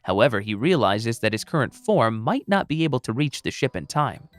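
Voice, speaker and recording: A man's voice: medium pitch, very animated, brisk, dry recording, soft background music. A man narrating a comic recap of a story, with wry, joking asides.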